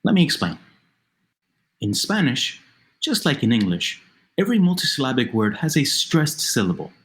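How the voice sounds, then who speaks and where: A man narrating a language lesson, explaining slowly and carefully and repeating words for the listener, over a noisy voice-over recording. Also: mid-range voice, very animated. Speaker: Spanish teacher. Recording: noisy narration with faint music.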